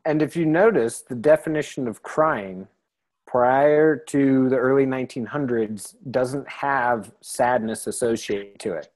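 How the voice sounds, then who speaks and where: A man's voice: medium pitch, a little slow, a little mellow, rough recording. Easygoing man explaining over a call. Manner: easygoing, rambling, with many fillers. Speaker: co-host of an online class. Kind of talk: relaxed explanatory talk. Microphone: video call.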